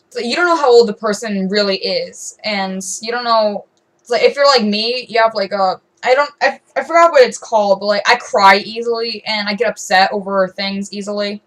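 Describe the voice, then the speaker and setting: A woman's voice: mid-range voice, fairly bright tone, poor audio. Rambling aggrieved teenage girl. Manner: rambling, full of fillers and restarts, aggrieved. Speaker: vlogger. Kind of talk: rambling rant to camera.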